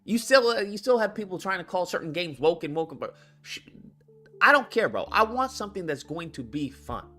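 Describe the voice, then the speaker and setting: A man's voice: high-pitched, very animated, fairly quick, bright, forceful tone, soft background music. Heated, swearing man ranting live. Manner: profane, heated, rants and repeats itself. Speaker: livestream host reading chat. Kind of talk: unscripted gaming rant.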